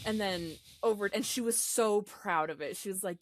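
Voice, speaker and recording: A woman's voice: mid-range voice, moderate pace, no room sound. A woman in casual podcast chat, talking with many fillers and laughs. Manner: hesitant, laughs between thoughts, many fillers.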